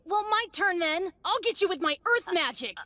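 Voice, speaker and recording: A woman's voice: extremely high pitch, animated, moderate pace, pushed and bright, a little hiss or hum, heavily acted. A woman voicing a brash young noble schoolboy chanting a spell in an anime English dub. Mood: cocky. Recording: studio voice over music.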